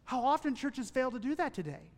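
High-voiced pastor preaching in a reverberant church. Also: male voice, expressive, a little fast. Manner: earnest, builds to emphatic lists, then drops to hushed asides. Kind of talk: sermon.

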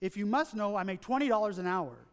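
A man's voice: high-pitched, animated, quick pace, long reverb tail. A man reading the lines of a tired, irritable father who snaps at his son. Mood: irritated. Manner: snappish and gruff.

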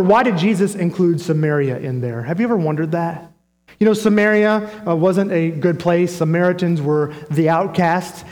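A man's voice: on the high side, darkish tone. A male pastor preaching a sermon, emphatic and repetitive, posing questions to his congregation. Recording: long reverb of a large hall.

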